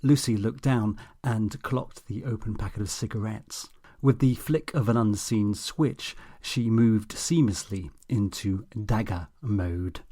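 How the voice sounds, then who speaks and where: A man's voice: fairly low pitch, unhurried, warm tone. A man reading a comic audiobook in a dry, sardonic, self-mocking way. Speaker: audiobook narrator.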